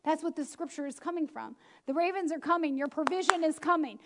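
A middle-aged woman preaching a lively sermon, laughing often and acting out the people she quotes. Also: high-pitched, quick pace.

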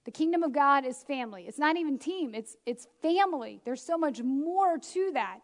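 A woman preacher giving a lively, chatty sermon with self-deprecating asides. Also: high voice, normal speed. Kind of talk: conversational sermon.

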